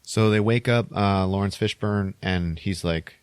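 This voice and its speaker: A man with a deep, low voice retells a film's plot casually on a podcast, rambling and animated, tossing in little sound effects. The sound is dry and close, with no room around it. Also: a little slow, clean tone, no room sound. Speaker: podcast host. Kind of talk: casual movie plot recap.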